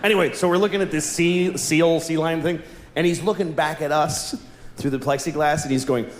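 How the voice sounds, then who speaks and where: A man's voice: on the high side, fairly even intonation, a little fast. A man doing a sardonic stand-up comedy routine on stage, acting out little voices. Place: comedy stage before live audience. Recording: echoey venue with audience noise.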